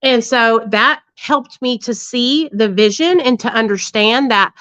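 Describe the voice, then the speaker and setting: A candid woman tells her story in a slightly high voice and swears freely as she talks straight to her listeners. The sound is dry and a little dull, as if recorded close on a basic mic. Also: measured pace, fairly bright tone, dry recording. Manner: candid and blunt, heavy swearing, conversational asides to listeners. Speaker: livestream host sharing her recovery story. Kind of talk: casual storytelling.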